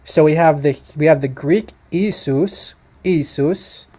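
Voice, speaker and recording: A man comments on a video he is playing for his viewers. His voice sits a bit high but sounds mellow and dark. He speaks emphatically, restarting sentences and correcting himself as he goes. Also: slow. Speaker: host reacting to a video.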